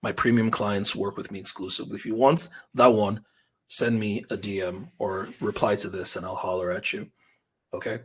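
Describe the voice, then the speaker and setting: A man, hosting a live business webinar as a coach, talking straight to viewers in an energetic, casual way. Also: fairly low pitch, normal speed, breathy edge. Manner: energetic, conversational, talks directly to viewers with slang like bro and fam.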